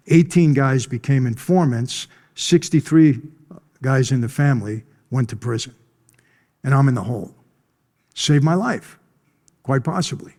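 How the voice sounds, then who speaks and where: A man's voice: medium pitch, darkish tone. A middle-aged man, telling his life story bluntly to a conference audience. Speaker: conference speaker. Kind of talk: storytelling testimony.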